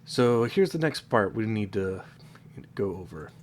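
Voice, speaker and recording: Slow, low-voiced man with a stuffed-up nose. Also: a little hiss or hum. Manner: relaxed, loose explaining with fillers and self-corrections. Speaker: modding tutorial maker. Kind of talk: casual screen-recorded tutorial.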